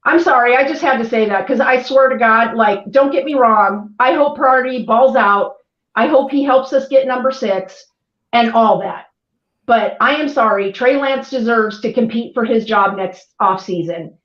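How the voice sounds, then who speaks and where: A woman's voice: a little high, normal speed, a bit bright. A woman co-hosting a casual sports chat, ranting bluntly and swearing freely. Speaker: podcast co-host. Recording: echoey, dull, lo-fi sound.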